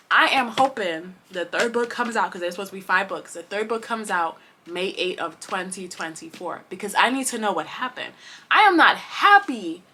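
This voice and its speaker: A woman chatting to camera about books she read, rambling with many fillers and restarts, passionate and expressive. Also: medium pitch, a little hiss or hum. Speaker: booktuber. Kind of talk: casual chat to camera.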